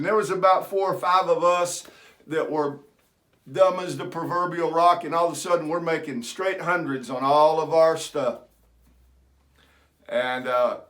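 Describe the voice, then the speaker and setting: A man's voice: medium pitch, fairly bright tone. Folksy man telling a story. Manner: folksy, self-deprecating. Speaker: vlogger. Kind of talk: personal storytelling.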